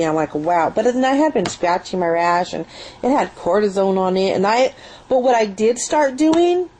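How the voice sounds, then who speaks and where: A woman's voice: medium pitch, darkish tone, slight background noise, low-quality recording. A young woman chatting enthusiastically at home in a rambling product review, recorded on a built-in webcam mic. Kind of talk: casual spoken product review.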